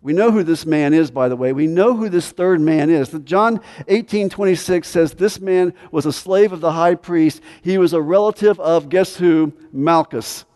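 A man preaching an expository sermon, pressing his points with emphasis and then dropping to a quiet, intense delivery. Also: a little high, normal speed, few pauses. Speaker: pastor. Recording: long hall reverb.

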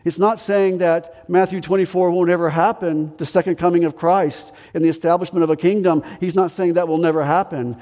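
A man's voice: high voice, steady tone, brisk, few pauses, darkish tone, big-room sound. A man preaching a sermon as pastor, repeating key phrases and asking rhetorical questions.

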